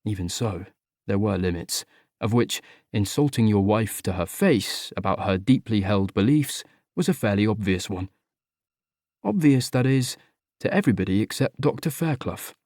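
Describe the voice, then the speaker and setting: A man's voice: fairly low pitch, animated, moderate pace, darkish tone, no room sound. Man narrating wryly, close and dry. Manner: wry, conversational. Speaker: audiobook narrator. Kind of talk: first-person audiobook narration.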